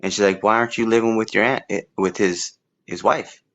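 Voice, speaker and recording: A man's voice: on the low side, steady tone, fairly bright tone, dull audio. A man telling his life story in a casual, rambling way, with frequent restarts and fillers. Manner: rambling, halting with repeated words and fillers. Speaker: interview guest. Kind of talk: casual testimony.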